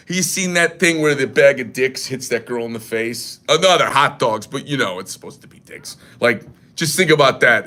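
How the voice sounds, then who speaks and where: A man's voice: mid-range voice, bright, forceful tone. A man who makes knives hosting a casual livestream, rambling and joking crudely. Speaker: knife maker and shop host.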